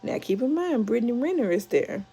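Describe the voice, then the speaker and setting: A woman's voice: a little high, big pitch swings, a little fast, vocal fry, dark tone, husky. A woman hosting a casual reality show recap, chatty and storytelling, acting out quotes with laughs.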